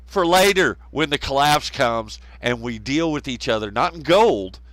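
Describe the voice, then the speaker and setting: In a dry, poor-quality recording, a man from the American South chats casually on his live stream, swearing, laughing, and doing mocking impressions. He has a Southern American accent and a medium-pitched, fairly bright voice that's expressive at a moderate pace.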